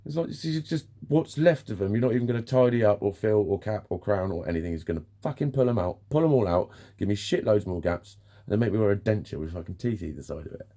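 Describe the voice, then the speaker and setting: A man's voice: on the low side, lively intonation, quick pace, hardly any pauses, dark tone. A man in a candid vlog monologue, frank and ranting, swearing often as he vents. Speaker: vlogger.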